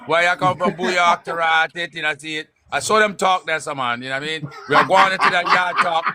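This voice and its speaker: A man from the United States teases in casual banter and slips into patois. His voice sits a bit high, and clear noise runs under the live feed. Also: fairly even intonation, a little fast. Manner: teasing, drifting into patois. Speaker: guest.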